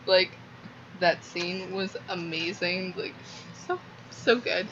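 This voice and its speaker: A woman's voice: fairly low pitch, takes it slowly, muffled recording, noisy background. A young woman reviewing a book in a casual vlog, gushing and rambling with many fillers. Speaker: book vlogger.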